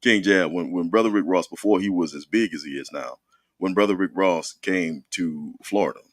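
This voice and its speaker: A man's voice: low-pitched, fairly quick, dry recording. A man co-hosting a casual radio talk show, bantering, telling stories and laughing often. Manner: laughs often, animated storytelling. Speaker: co-host. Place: radio studio.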